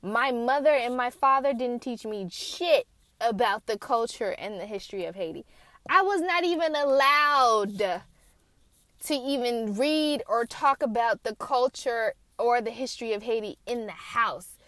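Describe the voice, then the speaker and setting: A woman's voice: on the high side, a little slow, a bit bright, no echo. A woman from the United States telling personal stories in a casual, candid way, swearing now and then, talking from a car. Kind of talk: casual storytelling.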